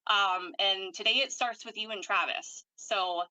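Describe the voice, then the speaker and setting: A woman energy worker calmly guiding a clearing session over a video call, giving steady instructions and reciting long lists of commands. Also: mid-range voice, measured pace, no room sound, low-quality recording.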